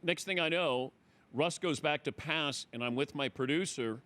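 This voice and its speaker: A middle-aged man hosting a radio talk show, his speaking voice sitting a little higher than most men's. He tells stories in a relaxed, chatty way. When he acts out the people in them, he jumps into loud, high exclamations. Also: moderate pace. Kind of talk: animated storytelling in casual chat.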